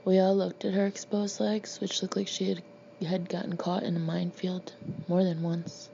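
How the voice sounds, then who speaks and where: A woman reading her own memoir aloud in a dry, deadpan, sardonic way. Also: fairly low pitch, moderate pace, gravelly. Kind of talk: audiobook narration. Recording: slightly muffled with faint hiss.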